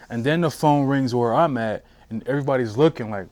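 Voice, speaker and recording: A man of middle pitch tells his own war story in an oral history interview. He speaks conversationally, full of "um"s and restarts. The sound is close and dry. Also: brisk, few pauses, a little mellow, no echo. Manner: conversational, many fillers and restarts. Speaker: military veteran interviewee. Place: interview room at a history center.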